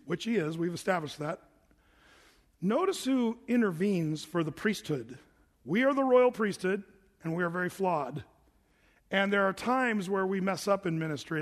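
A man preaching an evening Bible study sermon, reading scripture aloud and then explaining it in a casual, animated way. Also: sits high, big-room sound.

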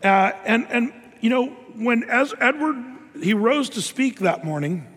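A man's voice: very high-pitched, animated, unhurried, fairly bright tone. A man preaching a sermon in a loose, conversational way, full of fillers and restarts. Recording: long hall reverb.

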